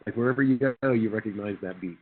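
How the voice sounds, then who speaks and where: Male lecturer, hoarse and husky, lowish voice, casual and joking with students, thin phone-like capture. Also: fast. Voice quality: husky radio voice. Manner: conversational, jokey, quizzes the class. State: hoarse from a chest cold. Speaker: university lecturer. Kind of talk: classroom lecture.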